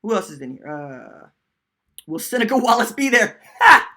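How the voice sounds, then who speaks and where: A man hosting a live-stream sports podcast in casual, animated chat, reading viewer comments aloud. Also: high-pitched, moderate pace. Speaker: podcast host.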